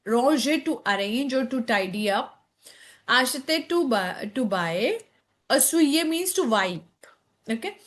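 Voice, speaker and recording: Slow-paced Indian woman teaching French. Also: fairly high pitch. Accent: Indian English. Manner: reads French lines then translates to English, checks in with "okay?". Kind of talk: textbook lesson walkthrough.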